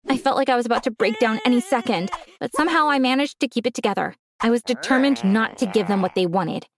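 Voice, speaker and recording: A woman narrating a first-person story in a calm, earnest way. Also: a little high, quick pace, few pauses, crowd noise.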